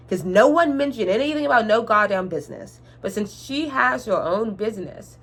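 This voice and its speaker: Exasperated young woman ranting, soft R. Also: fairly high pitch, moderate pace, breathy edge. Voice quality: cannot say R sounds. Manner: animated, exasperated, swears freely. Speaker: vlogger. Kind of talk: storytime rant.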